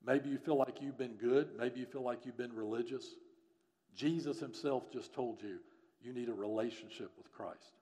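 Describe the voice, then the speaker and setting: A man's voice: medium pitch, normal speed. Earnest pleading male pastor. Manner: earnest, pleading, rises to loud emphatic peaks. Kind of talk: sermon and closing prayer. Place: church.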